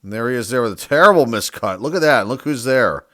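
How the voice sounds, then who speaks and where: A man's voice: mid-range voice, lively intonation, quick pace, sharp tone, dry recording, clean studio sound. A man hosting his own channel, reading out names one by one in casual commentary and musing aloud, sometimes unsure how to say them. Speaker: sports card collector and channel host.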